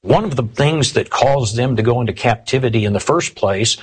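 A man's voice: medium pitch, lively intonation, normal speed, husky, rough recording. A man speaking as a guest in a casual scripture discussion, explaining his points in a firm, emphatic way.

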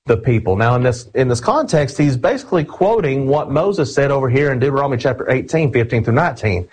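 A man preaching an earnest, emphatic sermon, slowing down to read scripture aloud and calling his listeners friends. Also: fairly high pitch, a little mellow, husky, low-quality recording.

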